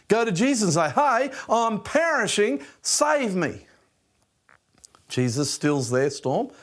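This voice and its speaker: An Australian pastor preaching with fervour, his fairly high voice leaping and falling in lively swings. He presses hard on key points, then sinks to a hushed near-whisper. He sounds middle-aged. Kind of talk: sermon.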